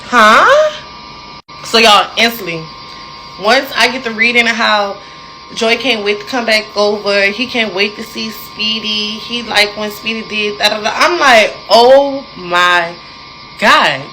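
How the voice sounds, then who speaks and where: A young adult woman telling a personal story in a casual, animated way, speaking straight to her listeners. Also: mid-range voice, slight background noise, low-quality recording. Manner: animated, addresses listeners directly, dramatic pauses.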